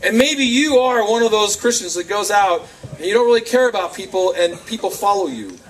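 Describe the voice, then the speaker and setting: A man's voice: high-pitched, brisk. A man giving a youth talk to kids at a camp, telling stories and acting out voices. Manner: animated storyteller acting out voices. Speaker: camp speaker. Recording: distant camcorder mic with faint room noise.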